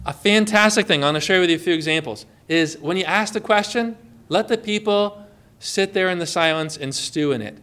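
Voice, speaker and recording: A man's voice: sits high, fairly quick, fairly bright tone, smooth. A man giving an informal Christian teaching talk outdoors on a boat, conversational and full of rhetorical questions and stories.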